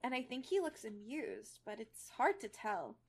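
A woman co-host reading a novel aloud with mocking drama and chatting casually, quick to laugh. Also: on the high side, expressive, breathy edge.

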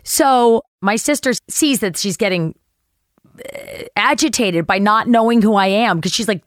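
A woman spins a story as a guest in an interview, lively and expressive, jumping into the voices of the people she quotes and dropping the odd swear word. Her voice sits at an ordinary middle pitch. The sound is close and dry, with no room echo. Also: fairly quick. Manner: animated, acts out quoted voices, swears casually. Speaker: guest actress.

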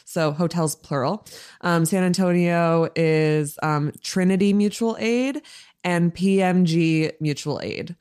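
A woman's voice: lowish voice, slow pace, darkish tone, smooth. An American woman co-hosting a podcast in casual chat, talking loosely with lots of fillers and frequent laughter. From United States. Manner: chatty, laughs often, many fillers. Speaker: podcast co-host.

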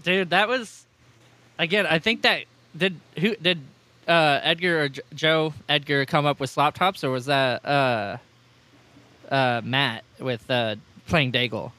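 Bright-voiced swearing male podcast host. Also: on the high side, measured pace. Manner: rambling, heavy swearing. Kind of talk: casual podcast chat.

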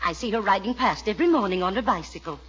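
A woman's voice: mid-range voice, expressive, a bit bright, slight background noise, natural voice. A woman playing a gushing, condescending older mother. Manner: gushing, drawn-out, talks down to others. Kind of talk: 1940s radio acting. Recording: dull old radio recording.

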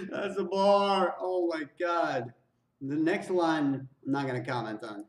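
Excitable male reaction host, high voice, roomy and slightly distant sound. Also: measured pace. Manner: excitable, repeats lines back, exclaims and laughs. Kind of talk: casual reaction commentary.

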